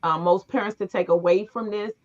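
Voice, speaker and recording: A woman's voice: mid-range voice, brisk. A middle-aged woman hosting a casual talk show. She tells family stories with energy and acts out the voices of the people in them. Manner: animated storyteller, acts out voices in her stories. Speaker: podcast host. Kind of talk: casual conversation, storytelling. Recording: muffled, lo-fi recording.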